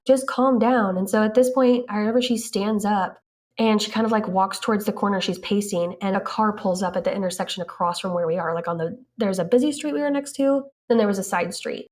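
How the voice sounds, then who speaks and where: A woman casually telling a story, acting out the dialogue and saying "like" a lot. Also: medium pitch. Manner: animated, acts out quoted dialogue, frequent "like". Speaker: interviewee recounting events.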